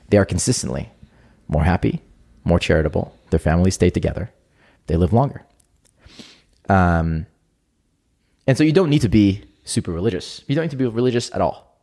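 A man's voice: low voice, mellow. A young adult man speaking as a podcast guest in an earnest, reflective way during casual conversation.

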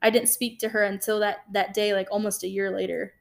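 Young woman, podcast co-host, casual storytelling, animated delivery, mid-range voice. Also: medium pitch, a little fast, vocal fry. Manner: animated, lively retelling with acted-out quotes.

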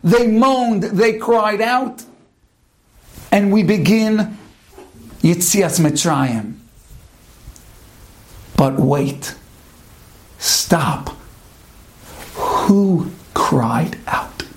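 Sounding high-pitched and animated, this man delivers a sermon-like Torah lesson as a rabbi. He asks rhetorical questions, lingers in long emphatic pauses, and weaves Hebrew words into English.

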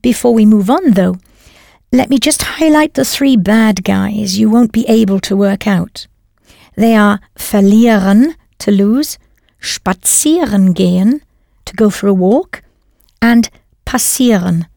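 A woman's voice: mid-range voice, creaky, warm tone, no room sound, studio quality. A woman narrating a scripted audio language lesson, patiently prompting the learner and then confirming each answer. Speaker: language teacher.

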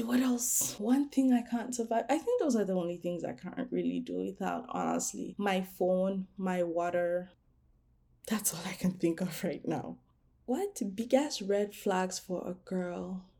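A woman's voice: mid-range voice, mellow. A young woman hosting her own podcast, chatting casually about herself with lots of "like" fillers and easy laughs. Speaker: podcast host. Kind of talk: casual solo podcast chat.

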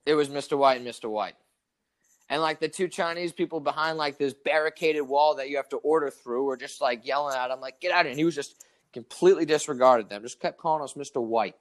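Animated, profane young man telling a story. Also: mid-range voice, fairly quick. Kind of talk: casual storytelling chat.

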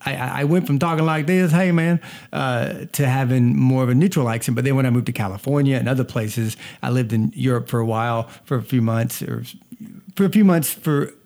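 A man's voice: medium pitch, brisk, creaky, darkish tone. Southern guy chatting on his family vlog, rambles a bit, little stutter, repeats words. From North Georgia. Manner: talkative storyteller, repeats words, slight stutter. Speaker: family vlogger, father. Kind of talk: casual chat.

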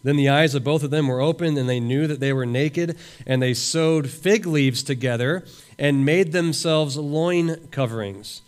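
A man's voice: fairly high pitch, a little slow. A man preaching a sermon as a pastor at a camp, reading scripture aloud and voicing imagined prayers with earnest emphasis. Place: camp meeting room.

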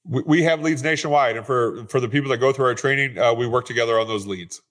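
A man's voice: medium pitch, fast, a bit bright. A man who invests in real estate, a podcast guest telling stories in an earnest, conversational way and often repeating words as he starts a sentence. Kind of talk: conversational storytelling.

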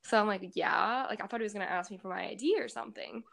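A woman's voice: medium pitch, fairly even intonation, rapid-fire, gravelly, fairly bright tone. A young woman in her twenties with a Pittsburgh accent, chatting casually as a podcast co-host and telling stories with lots of fillers. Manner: chatty storyteller, many fillers, frequent laughs. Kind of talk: casual chat.

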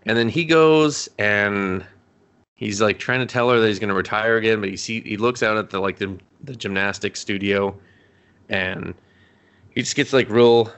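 Podcast co-host, man with a lowish voice, rambly and profane, casual recap. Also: normal speed, smooth. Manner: swears a lot, rambling and animated.

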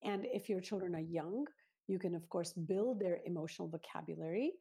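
A woman with a slightly husky, low-pitched voice speaks as a guest in an interview. Her tone is dark and mellow. She lays out her points in an earnest, teacherly way, step by step. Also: brisk. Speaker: parenting author, guest. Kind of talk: explanatory interview talk.

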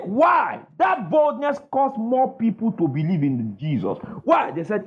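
A man with a high-pitched, husky voice delivers a sermon full of emphatic call-and-response, calling out "what?" to get the congregation to finish his lines. It's captured in dull, lo-fi sound.

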